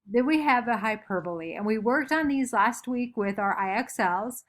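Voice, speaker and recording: A woman's voice: a little high, lively intonation, normal speed. A woman teacher giving a recorded lesson from home, chatty and upbeat, making playful sound effects.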